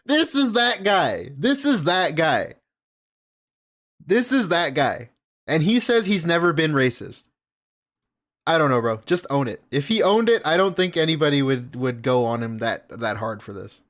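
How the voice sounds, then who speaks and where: A man's voice: on the high side, big pitch swings, moderate pace, a bit bright. A man streaming casual reaction commentary from home on a desk mic, talking loosely with profane, laughing asides.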